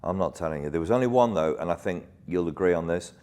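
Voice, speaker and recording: A man with a very low, rumbling voice, chatting as a guest. He tells his stories with animation and drops swear words casually into the banter. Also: animated, quick pace, a little mellow. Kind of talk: casual storytelling in conversation.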